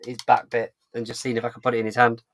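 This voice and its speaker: A man's voice: medium pitch, monotone, fast talker, fairly bright tone. A man co-hosting a live stream in casual chat, dropping dry, teasing quips. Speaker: co-host of a movie live stream.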